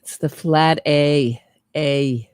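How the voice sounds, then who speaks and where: A woman hosts a true crime livestream in a relaxed, chatty way and keeps turning to her viewers. Her voice has a gravelly, creaky texture. The sound is close and dry, with no room echo. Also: deep voice, measured pace. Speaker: true crime podcast host. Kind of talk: casual livestream commentary.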